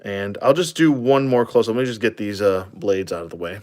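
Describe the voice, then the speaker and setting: Man, fairly low voice, easygoing toy reviewer who rambles with lots of "uh"s and chuckles. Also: a little fast, darkish tone. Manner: rambling, many fillers and chuckles. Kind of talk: casual product review.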